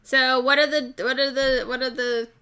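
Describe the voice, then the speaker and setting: A woman's voice: sits high, level tone, normal speed, sharp tone, clean tone. A woman hosting a live stream, chatting casually with viewers, giggling often and stumbling over words. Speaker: livestream host.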